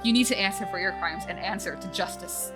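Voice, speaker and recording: A woman's voice: medium pitch, brisk, natural voice. A woman voicing an earnest young woman who firmly insists on justice. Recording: game music playing loudly behind.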